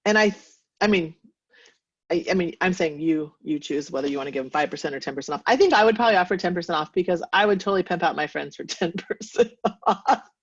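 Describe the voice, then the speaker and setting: A woman's voice: on the low side, fast, husky, dry recording, highs cut off. A woman leading a sales team meeting in a casual, chatty way, laughing often and poking fun at herself.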